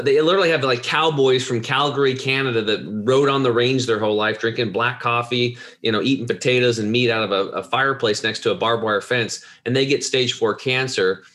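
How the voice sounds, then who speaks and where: A man's voice: medium pitch, a bit bright. Earnest rambling man telling his story. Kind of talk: casual storytelling.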